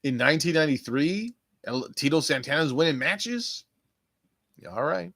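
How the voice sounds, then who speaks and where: A man's voice: fairly high pitch, lively intonation, moderate pace, gravelly, fairly bright tone, dry recording. A man hosting a casual solo podcast, rambling and joking with plenty of swearing, talking to listeners who aren't there. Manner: profane, jokey, talks to imagined listeners. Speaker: podcast host.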